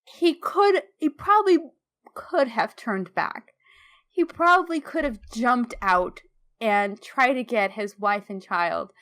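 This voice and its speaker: A woman co-hosting a podcast, chatting casually and emphatically about game lore, her voice rising when excited. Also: fairly high pitch, takes it slowly. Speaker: podcast co-host. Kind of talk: casual fan lore discussion.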